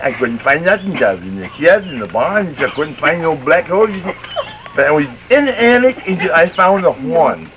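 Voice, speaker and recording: A man's voice: on the high side, noisy background. A man telling a long folksy joke in a drawling, storytelling manner, voicing the people in it as he goes. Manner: drawling storyteller, rising and excited toward the end. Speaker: joke teller.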